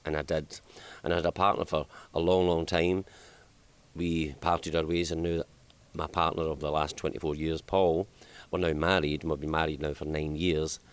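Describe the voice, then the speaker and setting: A man's voice: a bass voice, flat delivery, normal speed, clean tone. A man with a Scottish accent, a comedian chatting casually in an interview and laughing often at his own stories. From Scotland. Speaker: comedian guest. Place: outdoors in hot sunshine.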